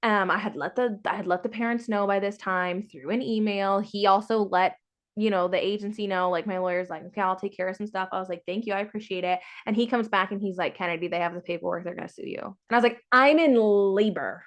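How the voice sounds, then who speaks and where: A woman's voice: mid-range voice, steady tone, fast talker. Frank woman telling a story, acting out dialogue. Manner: frank, exasperated. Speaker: podcast host sharing her surrogacy story. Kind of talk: casual chat.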